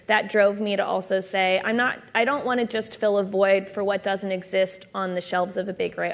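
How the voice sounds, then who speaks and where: A company founder on a conference panel, answering reflectively with frequent pauses and filler ums. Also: female voice, on the low side. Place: conference stage.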